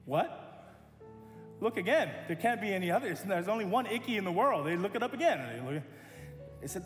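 Male pastor, high voice, animated sermon storytelling; large roomy hall with long reverb. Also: a little fast, long pauses. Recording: echoey hall with music.

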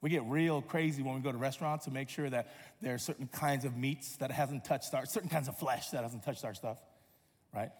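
A man's voice: mid-range voice, a little fast, in a large hall. A man pastor giving a sermon, telling stories with playful humor and acting out quotes. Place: church sanctuary.

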